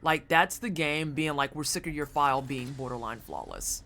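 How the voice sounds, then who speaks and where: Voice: normal speed, bright, forceful tone. A streamer giving casual, profane commentary while playing a game and chatting with viewers. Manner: profane, chatty, jumps into high-pitched silly voices.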